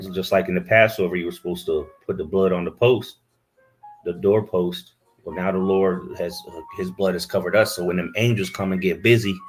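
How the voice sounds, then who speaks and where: A man preaching a fiery sermon, scolding his listeners and reading scripture aloud into a camera he set up himself. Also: low voice.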